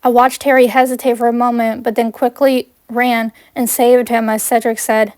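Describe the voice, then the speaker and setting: A woman reading her own fan fiction aloud in first person, plain and earnest. Her voice sits a bit high. The sound is dry and close, with no room echo. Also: level tone, moderate pace, few pauses, a little mellow.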